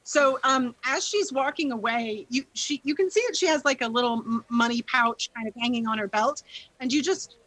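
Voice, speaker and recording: A woman's voice: a little high, normal speed, fairly bright tone, no echo, rough recording. A woman narrating as game master of a tabletop game, casual and chatty with many fillers.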